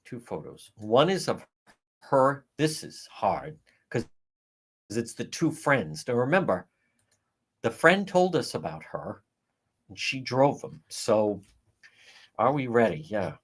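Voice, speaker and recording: A man hosting a casual livestream, ranting in an animated, profane way. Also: mid-range voice, takes it slowly, pauses often, breathy edge. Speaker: livestream host.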